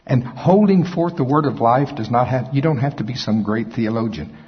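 A man preaching a sermon as pastor, telling folksy stories with self-mocking humor and a husky, raspy voice. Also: mid-range voice, moderate pace. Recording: echoey hall, dull lo-fi sound.

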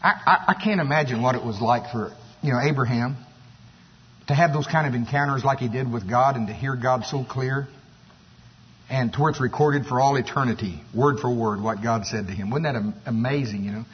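Husky preacher in an echoey hall. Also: male voice, medium pitch, brisk. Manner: animated, storytelling, exclamatory. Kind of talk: sermon. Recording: echoey hall, dull sound.

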